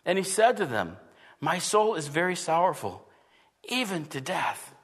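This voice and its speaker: A man with a high voice preaches a sermon. He speaks earnestly to his congregation and often drops his voice low and quiet to act out what people think to themselves. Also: sing-song, a little slow, breathy edge. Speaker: pastor.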